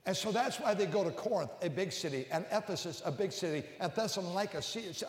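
An older man preaching a sermon as a pastor. He climbs to loud, emphatic peaks and then drops low and close. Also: animated, fast. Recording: echoey hall with long reverb.

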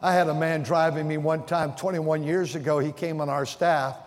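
Man, pastor, sermon, slightly high voice, restarts and repeats words, long church reverb. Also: level tone, moderate pace. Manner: storytelling with vivid acted-out quotes. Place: church sanctuary.

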